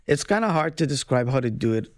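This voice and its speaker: A man's voice: mid-range voice, animated, fast talker, no room sound, studio quality. A middle-aged man giving financial advice on call-in radio, casual and hedging, often ending with "right?". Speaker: financial advisor guest. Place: radio studio.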